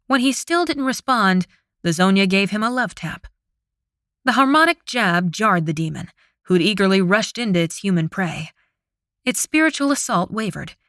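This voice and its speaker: A woman narrating an audiobook with a steady, dramatic reading, close to the microphone. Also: medium pitch, normal speed, no echo. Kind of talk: scripted narration.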